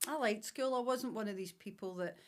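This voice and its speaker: A woman's voice: medium pitch, a little fast. A Scottish woman in her fifties with an Ayrshire accent, a podcast guest telling stories about her past with enthusiasm. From Scotland. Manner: warm storytelling, enthusiastic. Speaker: guest, salon director. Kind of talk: casual interview chat.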